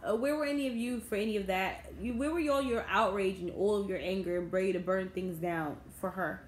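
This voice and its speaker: A woman's voice: mid-range voice, fairly quick. A woman, ranting to her viewers in a bitter, indignant vlog. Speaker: vlogger. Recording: echoey room, faint background noise.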